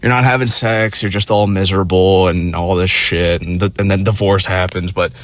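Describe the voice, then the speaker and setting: A man's voice: deep voice, fairly even intonation, normal speed, no room sound. A young man telling a personal story in a crude, profane, rambling way, with lots of fillers. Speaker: vlogger. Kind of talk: casual storytelling.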